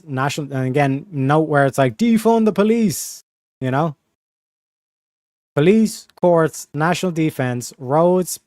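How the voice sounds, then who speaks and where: A man's voice: a little high, darkish tone, dry recording, clean studio sound. A man on a casual livestream reading text aloud and breaking off for sarcastic, crude asides.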